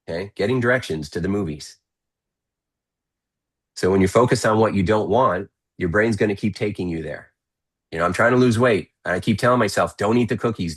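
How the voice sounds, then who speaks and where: A man with a deep, low-pitched voice talks as a guest on an interview podcast. He coaches the listener in an energetic, persuasive way. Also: a little fast. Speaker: guest, motivational speaker.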